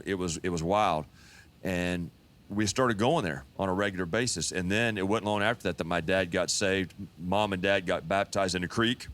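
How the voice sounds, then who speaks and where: Deep-voiced man in his fifties, folksy storyteller. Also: fairly bright tone, smooth. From Texas. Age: 50s. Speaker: pastor. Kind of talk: storytelling a personal testimony.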